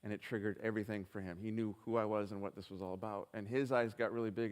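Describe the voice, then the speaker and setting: Earnest pastor telling a story in a reverberant hall. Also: male voice, lowish voice, little pitch movement, fast. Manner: earnest storytelling, quotes dialogue with hesitant restarts. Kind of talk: sermon with personal story. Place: church hall. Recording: live stream in reverberant hall.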